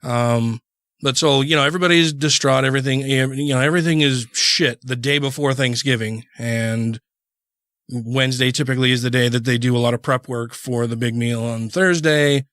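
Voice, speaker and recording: A man's voice: medium pitch, steady tone, moderate pace, fairly bright tone, dry recording. Rambling man telling a story on a podcast. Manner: rambling, many restarts and "you know"s. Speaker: podcast co-host. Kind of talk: casual storytelling.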